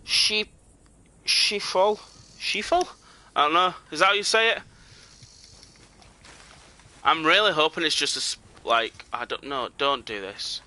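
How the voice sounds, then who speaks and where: A man's voice: on the high side, sing-song, normal speed, pauses often, bright, forceful tone. A young British man chatting casually and joking with viewers while he plays a game on a live stream.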